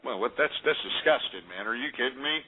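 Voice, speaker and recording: A man from Texas hosting a call-in radio show, ranting loudly and profanely and ending lines with "all right?". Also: mid-range voice, expressive, fast, slightly rough. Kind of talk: brash call-in talk radio. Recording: phone-like lo-fi audio.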